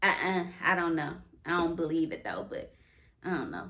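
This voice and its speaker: A woman giving casual, sassy commentary on a reality TV show, expressive and exclamatory. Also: lowish voice, moderate pace. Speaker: reality TV recap vlogger.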